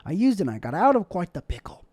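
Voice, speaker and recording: A young man hosts his own show from his bedroom at home, rambling casually in a jokey, self-deprecating solo vlog monologue. His high voice swings widely in pitch, moves quickly, and sounds darkish and slightly rough, with no echo.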